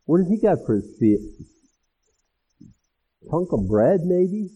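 A man preaching an expository sermon as pastor, animated and acting out the people in the text. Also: high-pitched, slow pace, husky. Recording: tinny phone-like sound.

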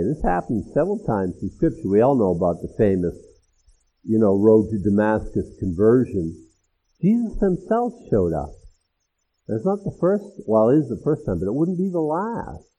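A man preaching an expository sermon as pastor, animated and acting out the people in the text. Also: medium pitch, slightly rough. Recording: tinny phone-like sound.

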